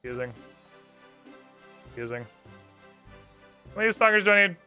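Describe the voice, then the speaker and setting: A man's voice: sits high, flat delivery, normal speed, pushed and bright, faint music behind. A man streaming a game, chatting casually, swearing often and reading the dialogue aloud. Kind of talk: casual gameplay commentary.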